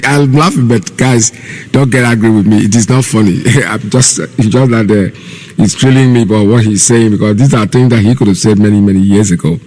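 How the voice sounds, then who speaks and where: A man's voice: medium pitch, darkish tone, big-room sound. A man with a Nigerian accent hosting live online radio, scolding and mocking as he talks straight at his listeners. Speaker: radio host.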